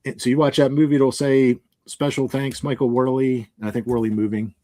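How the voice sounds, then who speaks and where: A man from Pennsylvania telling a rambling, animated story in a casual podcast interview, laughing often and acting out what people said. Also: mid-range voice, fairly quick, dry recording. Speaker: moving company owner, guest.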